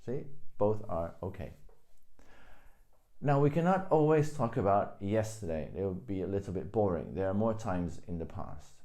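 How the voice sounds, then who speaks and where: A man's voice: sits low, animated, moderate pace, warm tone. A man teaching a video language lesson, explaining grammar patiently and repeating each example phrase.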